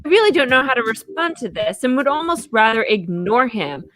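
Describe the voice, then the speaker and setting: Bright-voiced woman podcast host. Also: a little high, sing-song, brisk, dry recording. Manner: chatty, laughs often, reads listener letters aloud. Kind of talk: casual podcast chat.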